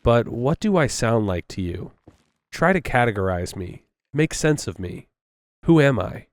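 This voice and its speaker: A man voicing a calm, disembodied adult male voice coming through a radio. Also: medium pitch, unhurried, no room sound, clean studio sound. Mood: probing. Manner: calm, probing.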